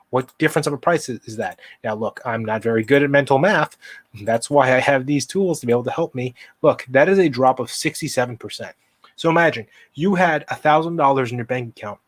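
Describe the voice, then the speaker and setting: A man's voice: medium pitch, dry recording. A man hosting a live stock market stream, talking viewers through charts in an impassioned, emphatic way and answering chat. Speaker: livestream stock market host.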